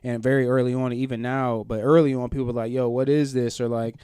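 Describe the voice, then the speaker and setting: A man hosting a casual podcast, easygoing and affirming, often stumbling into his sentences. His voice is smooth and resonant. The sound is dry and close. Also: medium pitch, little pitch movement, quick pace, warm tone, no room sound. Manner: easygoing, affirming, repeats words as he starts. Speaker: podcast host.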